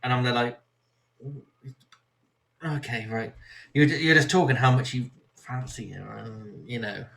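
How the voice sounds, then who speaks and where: A man from Somerset with a West Country accent hosts a relaxed chat, rambling through stories. His bright voice carries easily, and he slips into quoted voices as he talks. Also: medium pitch, normal speed, vocal fry, hardly any pauses. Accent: West Country English. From Somerset, England. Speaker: podcast host. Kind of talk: casual chat, storytelling.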